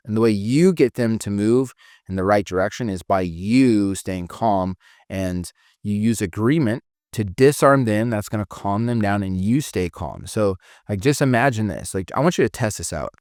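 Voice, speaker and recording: A male sales coach with a low voice talks through his lesson loosely and conversationally, full of fillers. The recording is close and dry. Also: a little mellow, no room sound. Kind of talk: casual teaching talk.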